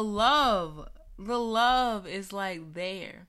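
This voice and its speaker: A woman's voice: medium pitch, expressive, extremely slow, few pauses, pushed and bright. A young woman sharing her personal faith story in an earnest, conversational way, with many casual fillers.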